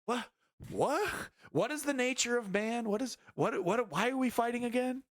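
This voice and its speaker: A man's voice: very high voice, normal speed, no echo, voice pushed up. A man putting on a bewildered, stammering soldier. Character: weary young male soldier questioning the war.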